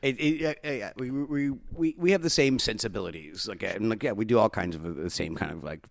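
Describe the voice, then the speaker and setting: A man co-hosting a podcast in casual chat, talking in halting bursts with many restarts and frequent laughter, on a handheld microphone. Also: lowish voice, expressive, vocal fry. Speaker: podcast co-host. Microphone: handheld microphone, not on a stand.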